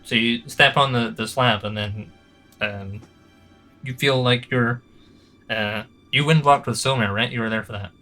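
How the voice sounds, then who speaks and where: Man, game master, rambling narration, bright tone, light music behind. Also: medium pitch, unhurried. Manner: rambling, hesitant, lots of fillers.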